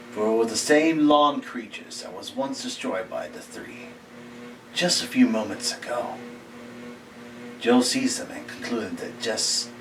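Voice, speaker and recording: A man reads a Halloween horror tale at an unhurried, deliberate crawl, his voice sinking into breathy near-whispers at the tense moments. He sounds set back from the microphone, with a faint hiss underneath. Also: mid-range voice. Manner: slow and halting, dropping to hushed near-whispers. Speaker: storyteller. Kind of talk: reading a scary short story aloud. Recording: distant mic with faint background hiss.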